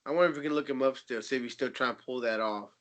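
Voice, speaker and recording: A man co-hosting a podcast, reminiscing with excitable, profane casual chat. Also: mid-range voice, racing. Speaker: podcast co-host.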